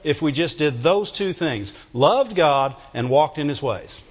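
A middle-aged man preaches a sermon in an animated, joking way, his fairly high voice rising and falling widely as he calls for amens. He talks slowly, and his voice carries a long church-hall reverb on a dull, muffled recording. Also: husky. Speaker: pastor.

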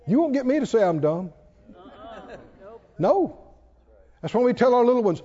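Male preacher, very high voice, animated sermon delivery, mimics the congregation, long church reverb, dull lo-fi sound. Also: normal speed, long pauses. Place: church sanctuary.

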